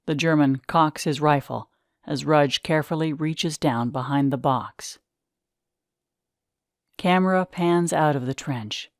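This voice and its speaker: A woman narrating the stage directions of a script reading in a measured way. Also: low voice, no room sound, studio quality.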